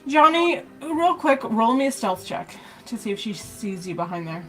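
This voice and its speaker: A woman's voice: on the high side, very animated, moderate pace, faint music behind. A woman running a tabletop role-playing game as dungeon master, casual and swearing freely.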